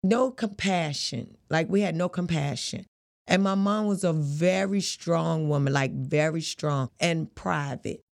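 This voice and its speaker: Boxer lady in an interview, gravelly low voice, talks real loose and frank. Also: measured pace. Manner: casual, vernacular, frank. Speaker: guest, professional boxer. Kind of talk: candid interview storytelling.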